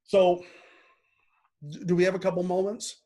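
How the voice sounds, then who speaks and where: A middle-aged happiness coach talks easily as a guest in a casual interview, earnest and open about his feelings. His high-pitched voice is warm, level in tone, and moderately paced, and he often doubles back and repeats words.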